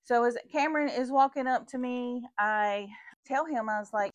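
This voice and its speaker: A woman's voice: fairly high pitch, normal speed, no echo. A middle-aged woman, chatting to viewers as she tells a story while working in her shop. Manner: chatty, addresses viewers as y'all. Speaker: vintage shop owner and vlogger. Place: her vintage shop booth.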